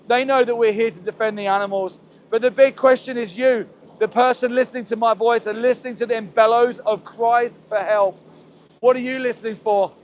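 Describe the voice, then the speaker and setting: A man's voice: very high-pitched, a little hiss or hum. A man hosting an activist livestream outdoors, speaking in an impassioned, pleading, repetitive way into a handheld phone. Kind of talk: impassioned live street commentary. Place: outdoors near a slaughterhouse.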